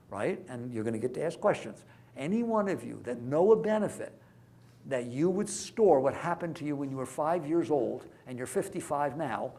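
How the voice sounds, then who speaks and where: Before a live audience, a man lectures on mindfulness in a conversational style, asking many rhetorical questions and shifting from quiet asides to loud, emphatic bursts. His voice is mid-range, with a little hiss or hum in the background.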